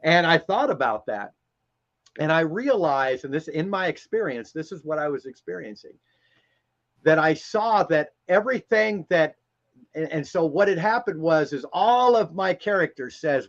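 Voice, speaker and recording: A man's voice: a little high, expressive, normal speed, lo-fi sound. A man speaking in a casual, emphatic way on a spiritual live stream, rambling and often repeating words as he talks.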